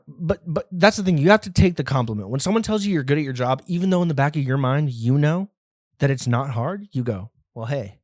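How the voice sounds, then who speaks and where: A man's voice: mid-range voice, a little mellow, dry recording, clean studio sound. A man hosting a comedy podcast alone, rambling and profane in a self-deprecating way. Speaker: podcast host. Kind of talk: solo comedy podcast monologue.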